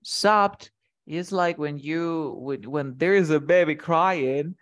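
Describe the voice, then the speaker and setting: A man's voice: on the high side, takes it slowly, fairly bright tone. A man teaching English vocabulary in conversation, explaining each word with short acted example lines and often checking that his student follows.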